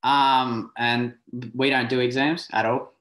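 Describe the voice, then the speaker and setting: A man's voice: medium pitch, level tone, slow pace, a bit bright. A young Australian man in his late teens hosting a podcast, asking questions in an easygoing way with plenty of ums. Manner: easygoing, filler-heavy questioning. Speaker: podcast host. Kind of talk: casual interview questions. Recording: roomy echo.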